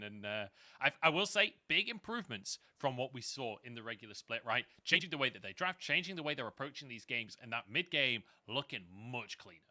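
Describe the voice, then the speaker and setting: A man casting an esports match, animated and emphatic in his analysis. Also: medium pitch. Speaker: esports caster. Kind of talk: esports commentary.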